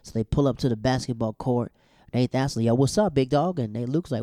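Young male recapper, slangy and animated, warm tone, dry booth. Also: fast talker, no echo. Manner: animated, slangy, jumps to high exclaiming bursts. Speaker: show recapper. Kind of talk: casual episode recap.

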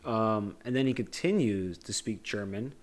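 A man's voice: on the low side, expressive, normal speed. A young man co-hosting a podcast, recapping a movie in a rambling, joking way with frequent laughs. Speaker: podcast co-host. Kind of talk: casual movie discussion.

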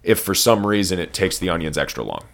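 A man with a very low, deep voice chats on a podcast. He talks loosely and rambles, and he swears freely as he explains things to a friend. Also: very animated, fast talker, vocal fry. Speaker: podcast host. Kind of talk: casual chat.

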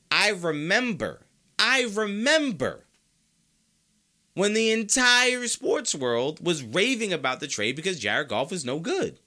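A man's voice: high voice, sing-song, unhurried, pushed and bright. A sick, congested man hosting a sports podcast, arguing his opinions emphatically and repeating his points for effect. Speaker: podcast host.

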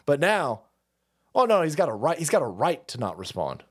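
A man's voice: wildly swooping pitch, moderate pace, slightly rough. A man hosting a political commentary stream, ranting crudely and mocking the clips he plays. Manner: mocking, crude, shouting swings in pitch; does mocking falsetto voices when quoting others.

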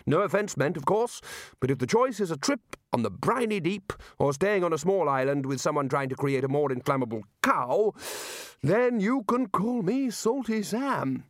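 Brief: man doing a bossy, hearty elderly wizard boss, booming and brisk. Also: animated, no room sound, studio quality, natural voice. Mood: cheerful. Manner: booming, brisk and cheerfully dismissive. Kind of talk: audiobook character voice.

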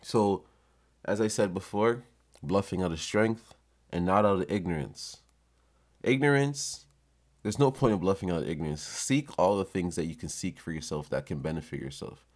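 A man hosting a podcast, telling a story in a swaggering, profane, unhurried way. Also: sits low, darkish tone. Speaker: podcast host. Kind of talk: casual storytelling.

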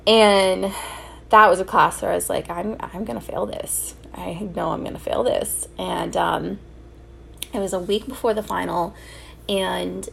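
This young woman hosts a solo podcast, sharing personal stories candidly and emotionally, full of fillers and restarts. Her voice is medium-pitched and creaky, with a little hiss or hum in the recording.

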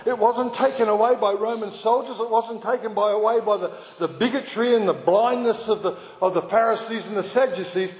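A man's voice: high-pitched, brisk, hardly any pauses, darkish tone. A man, a pastor who preaches an impassioned sermon, repeating phrases for emphasis. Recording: echoey hall with background noise.

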